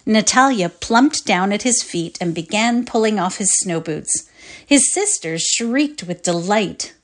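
A woman narrates a classic short story for a readers' theatre performance. Her pitch sits mid-range but moves in wide, lively swings as she shapes each sentence. The telling is expressive and unhurried.

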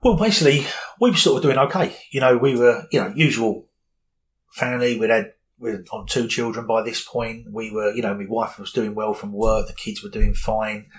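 A man's voice: on the low side, fairly even intonation, moderate pace, low-quality recording. A man, speaking candidly and earnestly as an interview guest, often repeating words as he goes. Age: 40s.

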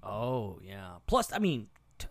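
Podcast guy with a bouncy expressive voice, reacting fast, dry close mic. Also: lowish voice, vocal fry, no room sound. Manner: expressive, quick laughing reactions. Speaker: podcast co-host. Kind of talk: casual movie chat.

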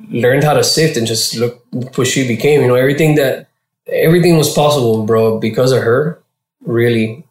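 A man from Florida, a guest in an interview, telling his story casually with heavy slang and swearing, and getting animated when he quotes people. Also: mid-range voice. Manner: profane and slangy, animated when quoting others. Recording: roomy echo.

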